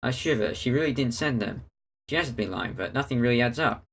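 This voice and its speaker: A man reading a visual novel aloud in a steady storytelling manner, narrating and speaking the hero's lines. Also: mid-range voice, fairly quick. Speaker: let's player.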